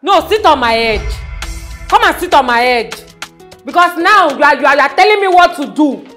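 A woman's voice: high-pitched, lively intonation, moderate pace, faint music behind. A woman playing a strict, scornful schoolteacher in a comedy sketch, scolding with a Nigerian accent. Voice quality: scolding, sharp and mocking.

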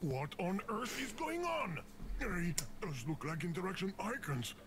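A fussy, exasperated game narrator. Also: male voice, high voice, sing-song, measured pace, background noise, heavily acted. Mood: flustered. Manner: scolding the player, theatrical outbursts. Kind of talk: video game voice acting.

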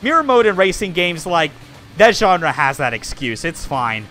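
Bright-voiced swearing male streamer. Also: on the high side, very animated, moderate pace, faint music behind. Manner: exclamatory, swears a lot, laughs at the game. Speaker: game streamer. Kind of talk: live gameplay commentary.

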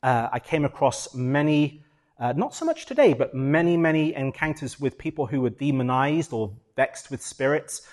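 A middle-aged British man, a pastor, preaching a sermon and telling his own story with lively ups and downs, acting out his prayers. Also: mid-range voice, normal speed.

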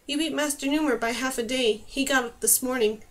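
A woman's voice: sits high, fairly quick, fairly bright tone. A woman reading the part of a cheerful, chatty young stable girl.

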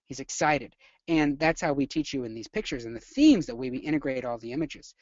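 A nursing instructor teaching a live webinar lecture, energetic and chatty, often quizzing the audience. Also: medium pitch, fairly quick, no room sound, lo-fi sound.

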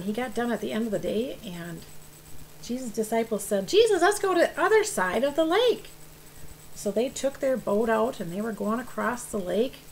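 A woman teaching children's church, telling a Bible story with animated emphasis and questions to the kids. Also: on the high side, a little hiss or hum, poor audio.

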